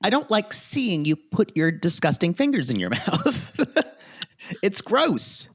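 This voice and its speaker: A man's voice: huge pitch swings, takes it slowly. A man in his forties co-hosting a podcast in casual chat, joking with a sarcastic edge. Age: 40s. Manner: sarcastic, joking, swings pitch a lot. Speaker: podcast co-host.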